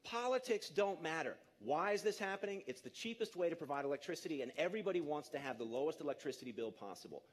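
Energetic man in his fifties giving a talk. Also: on the high side, quick pace, hardly any pauses. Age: 50s. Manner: energetic, emphatic, engages the audience. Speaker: conference speaker. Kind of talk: live public talk.

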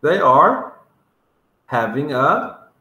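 Very slow, lively teacher in an echoey room. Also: male voice, a little high, muffled recording. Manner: drawn-out, sounding words out, coaxing children to repeat. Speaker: English teacher for young children. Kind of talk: vocabulary lesson for kindergarteners.

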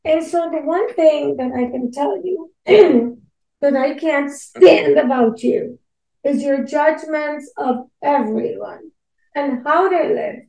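Middle-aged woman on a podcast, high voice, firm and scolding, room echoes a lot. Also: slow pace, vocal fry, mellow. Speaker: podcast co-host. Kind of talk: heated casual debate.

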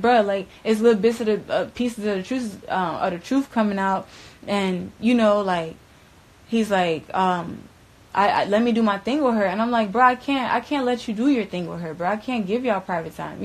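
A woman's voice: medium pitch, rough recording. A young woman being interviewed, telling a story casually in heavy slang and profanity, acting out quoted dialogue and filling it with "bruh" and "like". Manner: frequent fillers and repeated "bruh". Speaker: interviewee, former roommate.

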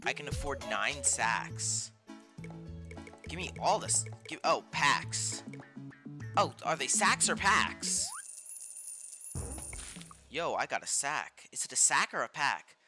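Excitable young man streaming a game. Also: mid-range voice, slow pace, long pauses. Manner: excitable, loud outbursts, reads game text aloud. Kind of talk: live gameplay commentary. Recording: game music behind voice.

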